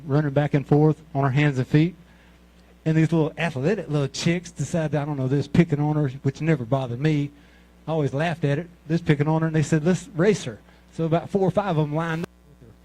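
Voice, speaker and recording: Profane Mississippi man in his sixties, higher-pitched. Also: steady tone, fast talker, warm tone, low-quality recording. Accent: Mississippi Southern US. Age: 60s. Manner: crude, profane, rambling anecdotes. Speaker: amateur comic at a talent show. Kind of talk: stand-up storytelling.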